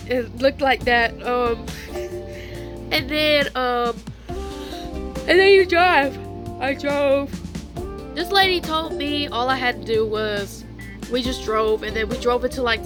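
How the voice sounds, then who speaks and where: A young woman telling a casual storytime vlog, chatty and slangy, laughing often. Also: a little high. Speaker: vlogger. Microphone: phone.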